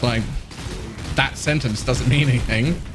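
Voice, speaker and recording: A man's voice: medium pitch, a little slow, over music. A man chatting casually while live-streaming a game, wry and ranting, repeating lines for emphasis.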